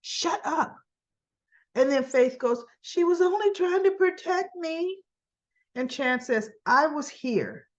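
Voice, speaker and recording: A woman's voice: sits high, lively intonation, unhurried, highs cut off. A woman hosting a casual recap, retelling scenes in a chatty way with quoted lines and her own asides. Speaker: soap opera recap host.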